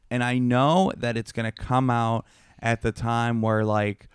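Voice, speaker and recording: A man's voice: fairly low pitch, clear, resonant tone, no room sound, clean studio sound. A man in his thirties co-hosting a comedy podcast, telling rambling, self-mocking stories full of filler words. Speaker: podcast co-host. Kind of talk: casual comedic chat.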